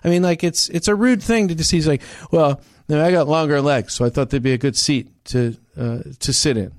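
A man's voice: on the high side, brisk, no room sound, studio quality. A man telling a story in casual chat, acting out both sides of an argument with many restarts.

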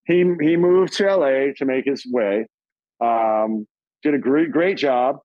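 A middle-aged man telling stories as an interview guest, casual and profane, acting out quoted voices in a higher pitch. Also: lively intonation, unhurried, no echo, muffled recording.

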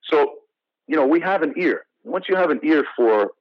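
An American actor being interviewed, telling stories in a casual, animated way with many restarts and "you know" fillers. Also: male voice, a little high, moderate pace, dry recording, dull audio. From United States. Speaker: actor guest.

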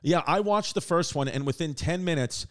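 A man's voice: on the high side, normal speed. A man co-hosting a casual comedy podcast, telling rambling, profane stories with lots of restarts. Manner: rambling, profane, animated storytelling. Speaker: podcast co-host.

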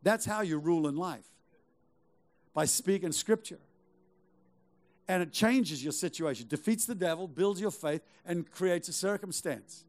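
A man's voice: high voice, a little slow. A middle-aged male pastor preaching a sermon, urging the congregation on with rhetorical questions and repeated phrases. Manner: emphatic, exhorting with rhetorical questions and repetition.

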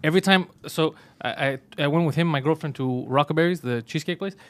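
A young man talks fast in a slightly high voice, retelling an annoying story with animated exasperation. His chat is casual and full of swearing, and his lines come quickly.

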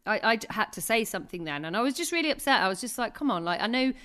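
A woman's voice: fairly high pitch, very animated, fast talker, a bit bright. Chatty woman telling a story. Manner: chatty storytelling, laughs often. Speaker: podcast co-host. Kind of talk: casual chat.

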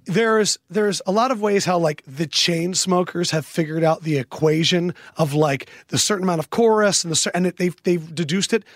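High-voiced man telling rambling stories. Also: normal speed, few pauses, no room sound, studio quality. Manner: rambling storyteller who acts out quotes. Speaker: podcast host. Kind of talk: casual chat.

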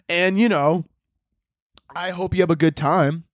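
A man's voice: high-pitched, fairly even intonation, slow, no room sound, clean studio sound. A young man hosting a comedy podcast, telling a rambling, profane, sarcastic monologue and laughing often. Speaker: podcast host.

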